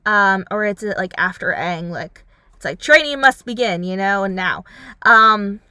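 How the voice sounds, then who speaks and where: A woman's voice: mid-range voice, measured pace, smooth, no room sound, studio quality. A young woman vlogger reviewing a series in a rambling casual chat, full of "like" and "um", acting out lines as she goes. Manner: rambling, heavy on fillers like "like" and "um"; animated, acts out characters' lines.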